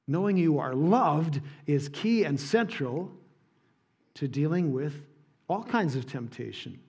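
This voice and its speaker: A man preaching a sermon in church, earnest and emphatic, dropping soft on key points. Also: on the high side, animated, takes it slowly, breathy edge. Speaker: pastor.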